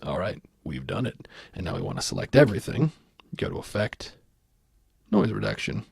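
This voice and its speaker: A man with a gravelly, slightly sore voice, giving a casual soft-spoken audio software tutorial and thinking aloud as he clicks through settings. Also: on the low side, sing-song, moderate pace, no room sound.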